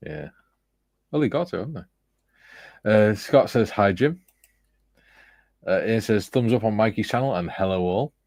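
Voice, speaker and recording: A man's voice: fairly low pitch, animated, moderate pace, long pauses, darkish tone, no room sound. A man hosting a casual livestream, reading viewer comments aloud with a chuckle. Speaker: livestream host reading chat. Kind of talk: casual chat.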